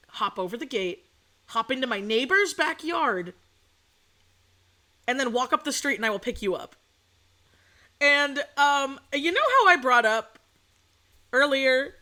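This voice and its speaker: A woman's voice: fairly high pitch, bright, forceful tone. A young adult woman telling a story in a casual, chatty way as a streamer. She swears freely and acts out what people said. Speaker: VTuber streamer.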